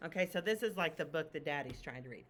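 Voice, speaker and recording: A woman teacher reading a picture book aloud to children, expressive and asking them questions. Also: low-pitched, fast.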